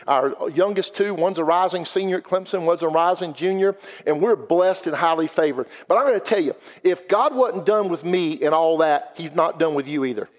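A man, giving an earnest, folksy personal testimony as a guest speaker in a church. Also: sits high. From South Carolina. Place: church sanctuary. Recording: long hall reverb.

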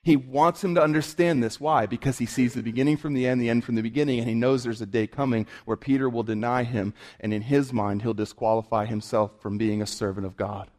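A man's voice: mid-range voice, steady tone, brisk, few pauses, darkish tone. Impassioned male preacher delivering a sermon. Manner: impassioned, rhetorical questions, rising intensity.

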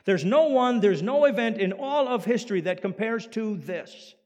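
High-voiced man preaching in a hall. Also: normal speed. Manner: animated preaching, rising loud then dropping quiet. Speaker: pastor. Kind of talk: sermon. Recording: long hall reverb.

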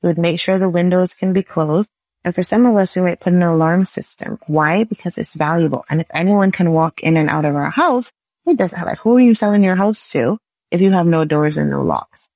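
A woman lawyer talks through legal ideas on a podcast. Her voice sits low with a gravelly edge. She leans on simple analogies and tag questions, heard close and dry. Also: fairly quick, darkish tone, dry recording. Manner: explains with everyday analogies, frequent "right?". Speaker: business lawyer guest. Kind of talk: podcast interview.

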